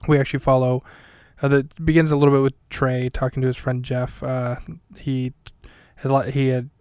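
A man talks through a show recap in a flat, even voice with little rise and fall, wandering and correcting himself as he goes. His tone is smooth and clear, and the sound is close and dry, with no room around it. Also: medium pitch, moderate pace, dry recording. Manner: rambling, self-correcting, dry humor. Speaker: podcast host. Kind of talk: casual solo recap.

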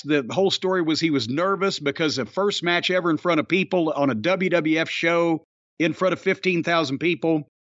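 A man's voice: on the high side, moderate pace, a bit bright, dry recording, highs cut off. Older male podcast host; raised voice, profane storyteller, opinionated, dry close sound. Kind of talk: casual chat.

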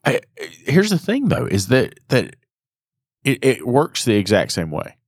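A man's voice: mid-range voice, wildly swooping pitch, unhurried, slightly rough, no room sound, studio quality. A man talking through repair shop pricing and scheduling, checking in with "right?" after each point. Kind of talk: casual business chat.

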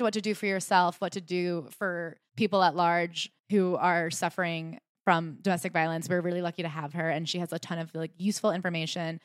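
A young woman co-hosting a book podcast in lively casual chat, swearing now and then. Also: fairly low pitch, dry recording, studio quality. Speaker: podcast co-host.

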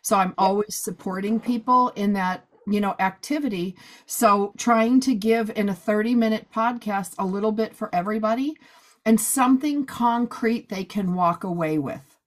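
Woman podcast host, hoarse and chatty, brisk businesslike talk. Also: medium pitch. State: hoarse, losing her voice. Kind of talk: casual chat.

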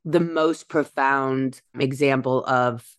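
Very low-voiced woman musing on spirituality. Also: steady tone, smooth. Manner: musing, spiritual, slows to stress words. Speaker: podcast host. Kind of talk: casual spiritual chat.

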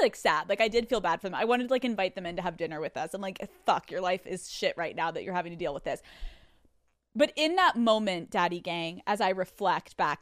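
Profane, animated woman podcast host. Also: medium pitch, no room sound, clean studio sound. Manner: animated, profane storytelling with frequent laughs. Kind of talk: solo podcast storytelling. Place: studio.

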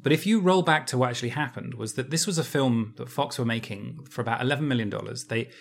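A man's voice: mid-range voice, fast, gravelly. Chatty male podcast host telling a story. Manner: animated storyteller who laughs easily and restarts his phrases. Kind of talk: casual podcast chat.

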